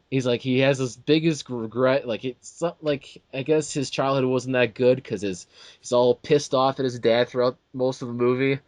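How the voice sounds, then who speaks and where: A man's voice: mid-range voice, no room sound. A man co-hosting a casual movie talk show, ranting with lots of restarts and acted-out quotes. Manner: animated ranting with many restarts and quoted asides. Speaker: podcast co-host.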